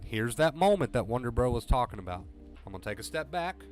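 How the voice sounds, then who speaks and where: A man's voice: medium pitch, big pitch swings, fast, a little mellow, faint music behind. A man coaching viewers through anxiety recovery on a livestream, talking earnestly and directly, repeating his points for emphasis. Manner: earnest, repetitive, direct pep talk.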